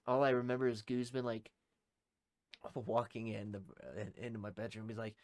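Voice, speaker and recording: A young man spins a rambling war-buddy story, full of swearing and chuckles, in a voice of ordinary middle pitch. The sound is dry and close, with no room around it. He talks loosely, piling on fillers as he goes. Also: flat delivery, moderate pace, no room sound. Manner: profane, rambling, laughs through his story. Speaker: podcast co-host, former Army private. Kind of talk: casual storytelling.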